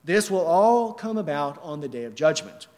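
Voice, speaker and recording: High-voiced man preaching in a reverberant hall. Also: sing-song, normal speed, a little mellow. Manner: earnest, emphatic, repeats rhetorical questions. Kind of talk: sermon.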